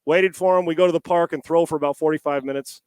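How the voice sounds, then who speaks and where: A middle-aged man, a former quarterback, telling a long story as a podcast guest from home on a headset mic. He talks in a lively, rambling way, with many restarts and the odd swear word. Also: on the high side, fast talker, clear, resonant tone, dry recording. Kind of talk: storytelling in a casual interview.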